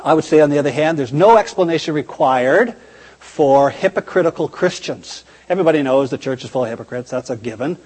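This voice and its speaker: A man's voice: fairly high pitch, animated, fairly quick, darkish tone, breathy edge, big-room sound. A man preaching a sermon in a conversational, emphatic way, often posing rhetorical questions.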